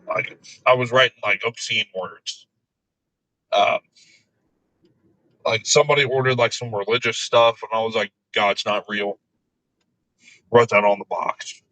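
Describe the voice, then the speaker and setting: A man telling crude work stories in casual chat, laughing often and delivering his own quoted replies deadpan. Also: medium pitch, dry recording, rough recording.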